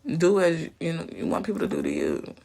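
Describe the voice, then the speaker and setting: A woman's voice: sits low, huge pitch swings, fairly quick, vocal fry, dark tone. A young adult woman giving a casual collective tarot reading to her viewers, chatty and blunt, swearing freely and laughing often. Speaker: tarot reader.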